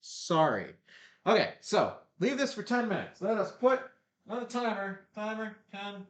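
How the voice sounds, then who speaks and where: A man's voice: high-pitched, sing-song, measured pace, fairly bright tone. A man chatting casually while cooking on a live stream, rambling and joking at himself as he answers viewers. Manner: rambling, self-mocking, chats with viewers. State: stuffy nose.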